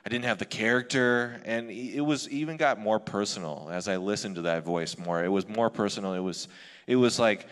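A man's voice: fairly low pitch, normal speed, fairly bright tone. A male pastor giving a sermon in a candid, conversational way, often restarting his sentences. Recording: long hall reverb.

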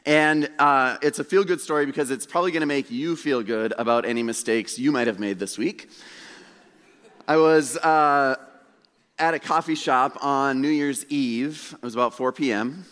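A man's voice: mid-range voice, moderate pace, fairly bright tone. A male pastor delivers a casual, story-driven sermon with self-deprecating humor. His mid-range voice rings with a long reverb that fills the church sanctuary.

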